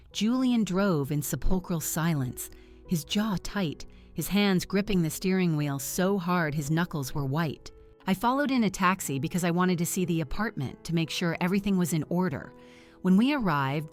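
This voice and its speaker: A middle-aged woman narrating a first-person family story in an earnest, measured way. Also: lowish voice, darkish tone.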